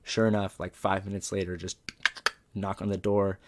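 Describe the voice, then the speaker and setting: A man's voice: sits low, level tone, normal speed, a little mellow. A man from Southern California, a comedian guest, telling a story in a laid-back, profane way and saying "like" and "dude" a lot.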